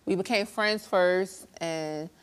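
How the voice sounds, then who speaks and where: A woman's voice: fairly low pitch, slow pace, clean tone. A woman guest on a talk show, animatedly retelling a relationship fight on a studio stage. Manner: animated storytelling, acting out quarrels.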